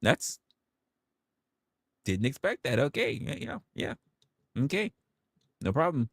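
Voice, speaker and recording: A young man on a livestream, telling a story to his viewers in a casual, profane, animated way and acting out quotes. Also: medium pitch, takes it slowly, no echo, clean studio sound. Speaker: livestream host.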